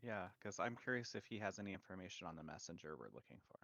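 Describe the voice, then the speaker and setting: A man's voice: low voice, very animated, fast talker, gravelly, sharp tone, lo-fi sound. A man playing in a tabletop game, polite and a little hesitant. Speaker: player. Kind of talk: tabletop role-play chat.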